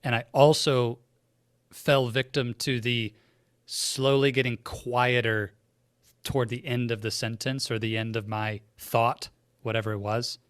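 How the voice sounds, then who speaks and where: A male podcast host with a mid-pitched voice speaks in a reflective, conversational way. He frames long questions for his guest. The room sounds dry and close to the mic. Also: steady tone, measured pace, fairly bright tone, smooth, no echo. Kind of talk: podcast interview.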